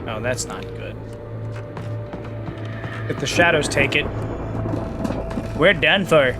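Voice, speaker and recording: A man streaming himself playing a game, reacting in an excitable, chatty way. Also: fairly high pitch, takes it slowly, loud music behind the voice. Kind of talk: casual gameplay commentary.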